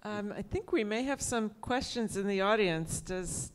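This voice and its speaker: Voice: mid-range voice, lively intonation, normal speed, clear, resonant tone. A moderator hosting an audience Q&A, politely reading out questions.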